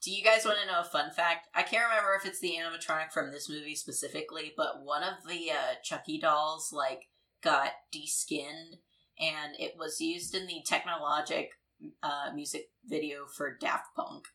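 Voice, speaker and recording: Woman co-host, very low pitch yet bright, loose rambling delivery. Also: fairly even intonation, moderate pace. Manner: casual, many fillers, laughs easily. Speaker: podcast co-host. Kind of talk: casual film discussion.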